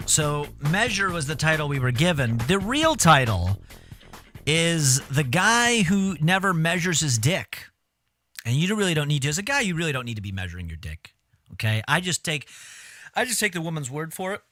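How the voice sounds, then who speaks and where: Bright, animated joking male streamer. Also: a little high, moderate pace, faint music behind. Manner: joking, crude, laughing asides. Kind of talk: casual live-stream commentary.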